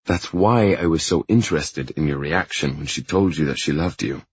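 A man reading an audiobook, voicing a patient male therapist who speaks in a measured, reassuring way. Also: extremely low pitch, slightly rough, highs cut off. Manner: measured, reassuring, slightly exasperated.

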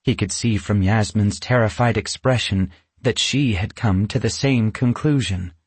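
A man narrating a children's storybook in a lively, expressive way. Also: on the low side, unhurried, slightly rough, dry recording. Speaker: audiobook narrator.

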